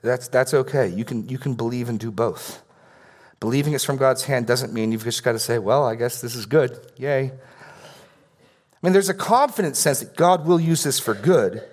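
A man's voice: medium pitch, moderate pace. A middle-aged male pastor preaching a sermon in a conversational way, often repeating words as he starts a phrase.

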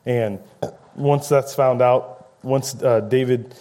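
A man's voice: medium pitch, steady tone, slow, mellow. A man preaching a conversational sermon, paraphrasing scripture and acting out quoted lines with rising emphasis.

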